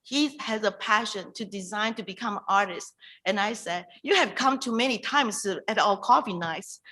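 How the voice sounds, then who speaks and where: A woman hosting a virtual reading night, introducing a poet in an emotional, halting way over a video call. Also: medium pitch, sharp tone, poor audio. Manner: emotional, halting, with restarts and pauses. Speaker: event host introducing a poet.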